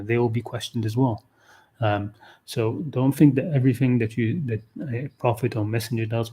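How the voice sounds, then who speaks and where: A Qur'an teacher gives an unscripted livestream talk on a scripture verse, thinking aloud with frequent restarts and saying "okay, you know." His voice is mid-range with a darkish tone.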